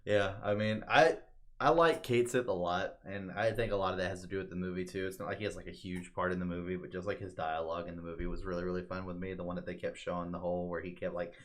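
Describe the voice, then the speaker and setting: Deep-voiced male co-host, eager and foul-mouthed, casual talk. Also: fairly even intonation, quick pace. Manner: enthusiastic, profane, acts out quotes loudly. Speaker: co-host explaining the story. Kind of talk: casual chat.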